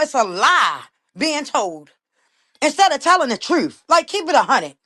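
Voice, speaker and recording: On a casual livestream, a woman with a high, sharp-toned voice sounds emphatic and indignant. She repeats her points and keeps calling out to "y'all."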